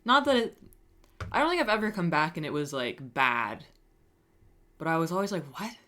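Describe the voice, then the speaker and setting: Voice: medium pitch, sing-song, normal speed, sharp tone. A streamer chatting casually on a live stream, reading chat messages aloud and answering them with wry, self-mocking humor and frequent swearing.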